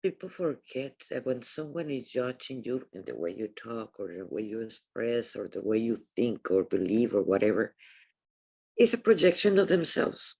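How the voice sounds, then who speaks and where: A woman's voice: rumbling low, big pitch swings, normal speed, vocal fry, darkish tone, slightly rough. A woman hosting a podcast, speaking in an earnest, reflective tone during a casual conversation. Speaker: podcast host.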